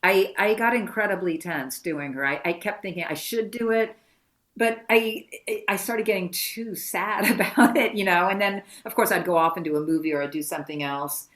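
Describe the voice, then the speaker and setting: An actress being interviewed on a podcast, telling lively anecdotes and acting out the voices of people she quotes. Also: lowish voice, normal speed. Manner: lively storyteller who acts out quoted voices. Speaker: actress guest.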